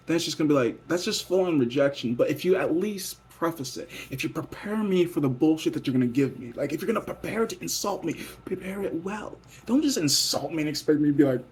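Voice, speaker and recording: A man's voice: on the high side, animated, brisk, a little mellow, husky. A young man vlogging a rambling, profane late-night monologue that drifts between mutters and whispers.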